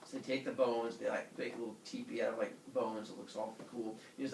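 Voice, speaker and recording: A man teaching a class, retelling a myth with lively acted-out character voices. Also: medium pitch, creaky, a little hiss or hum. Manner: animated, acts out characters with silly voices. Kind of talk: storytelling lesson to students. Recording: echoey room from far off.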